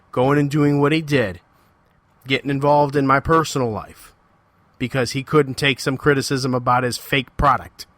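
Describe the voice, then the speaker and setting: Male podcast host, bright voice, dry close sound, ranting solo and repeating himself for emphasis. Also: medium pitch, no echo. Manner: heated, confrontational ranting; repetitive, emphatic phrasing.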